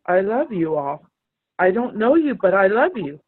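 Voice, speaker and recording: A woman sharing personal struggles on a video call, earnest and halting, close to tears. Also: medium pitch, big pitch swings, slightly rough. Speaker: group participant. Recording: tinny phone-like video call audio.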